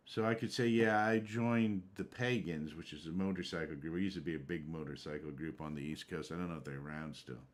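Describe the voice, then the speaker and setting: A man streaming a game chats casually in a very deep voice, talking fast with few pauses and rambling from one topic to the next in a conversational live-stream style.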